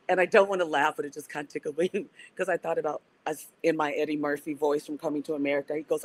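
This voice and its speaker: In a casual podcast interview, a woman organizer and activist speaks in a low pitch at a fairly quick pace. She's reflective, often starting her sentences over as she works through her thoughts. The recording quality is low.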